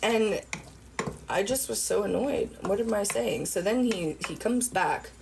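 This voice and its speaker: A middle-aged woman at home telling viewers a long story in a rambling, animated way, full of fillers and swearing. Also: medium pitch, measured pace, creaky, background noise. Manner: rambling, animated retelling with lots of fillers and profanity. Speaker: vlogger.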